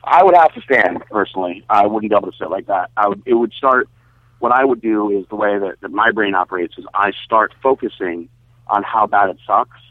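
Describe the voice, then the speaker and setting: A man's voice: on the low side, brisk, no echo, narrow, tinny audio. A man co-hosting a casual podcast, talking loosely with lots of likes and ums. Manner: filler-heavy, loose talk with many likes and ums. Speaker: podcast co-host. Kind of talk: casual chat.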